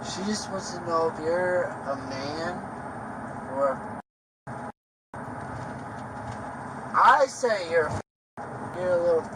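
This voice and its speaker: A man under arrest, rambling and taunting erratically in a police car, swinging between loud outbursts and mutters. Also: high-pitched, expressive, slow pace, pauses often. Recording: noisy police bodycam audio.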